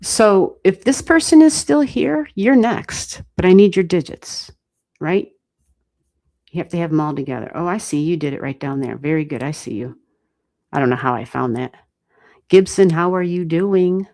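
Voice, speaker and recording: An American woman giving astrology readings on a livestream, thinking aloud and chatting with viewers in a relaxed way, with the odd swear word. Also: lowish voice, normal speed. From United States. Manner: thinks aloud, talks to chat, mild swearing. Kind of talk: casual livestream chat.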